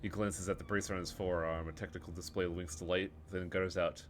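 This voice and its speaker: A man's voice: low-pitched, flat delivery, fast, few pauses, a little hiss or hum. A man streaming a story game, reading the narration aloud and dropping crude asides.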